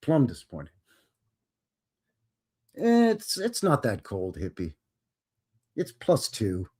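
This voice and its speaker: Joking host with a lively, bouncing voice. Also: male voice, mid-range voice, slow, husky. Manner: joking, rambling, slips into silly voices. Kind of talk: casual live-stream chat.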